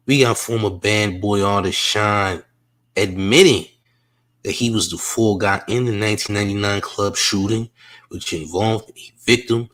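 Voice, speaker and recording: Male reaction host, low voice, casual streetwise patter with lots of asides. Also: a bit bright. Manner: streetwise slang, frequent "you dig". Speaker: news commentary host.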